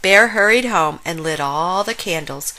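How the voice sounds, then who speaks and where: A woman reading a children's picture book aloud, expressive and unhurried. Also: on the low side, slight background noise. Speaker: storyteller. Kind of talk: children's story read-aloud.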